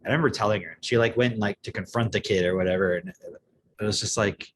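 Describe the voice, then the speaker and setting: Fast-talking sarcastic young man. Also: lowish voice, noisy background. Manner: fast, profane, sarcastic, animated. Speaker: podcast co-host. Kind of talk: casual chat.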